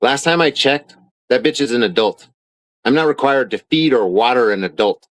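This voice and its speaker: A man's voice: mid-range voice, expressive, normal speed, a bit bright, no echo. A man ranting angrily in a vlog, heated, profane and sarcastic. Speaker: vlogger. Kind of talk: angry rant reading out documents.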